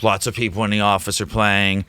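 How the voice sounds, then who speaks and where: Excitable male teacher guest, rambling storyteller, slightly low, smooth clear tone. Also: a little fast, no echo. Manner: rambling, excitable, quotes himself in animated voices. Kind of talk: casual storytelling in a podcast interview.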